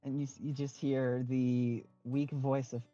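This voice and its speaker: A game master narrating a tabletop game in a halting way, often stopping to restart. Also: medium pitch, flat delivery, mellow, no room sound, dull audio, soft background music.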